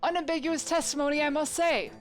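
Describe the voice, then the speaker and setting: A woman's voice: sits high, fairly even intonation, quick pace, over music, pitched above the performer's own voice, lightly acted. Woman doing a jolly old Santa-like judge.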